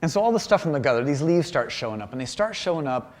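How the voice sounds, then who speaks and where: Animated, self-deprecating man lecturing. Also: on the high side, fast talker, big-room sound. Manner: animated and self-deprecating, acts out quoted voices. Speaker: visiting artist giving a lecture. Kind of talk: humorous public talk with slides. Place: university auditorium.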